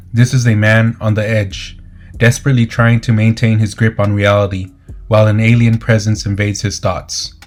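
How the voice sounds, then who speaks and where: A man narrating a comic book story recap in a steady, dramatic scripted delivery. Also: fairly low pitch. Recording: faint music underneath.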